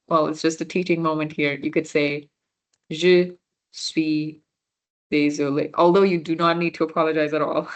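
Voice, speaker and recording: A woman running a casual online beginner class, chatting with students, answering their chat messages and correcting herself as she goes. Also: deep voice. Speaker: volunteer French workshop teacher.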